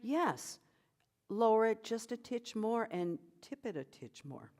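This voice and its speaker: Slow-paced woman coaching a voice class. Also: on the high side, sing-song, a little mellow. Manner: encouraging, demonstrates sounds and sung phrases. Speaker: vocal coach. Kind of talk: leading a voice workshop.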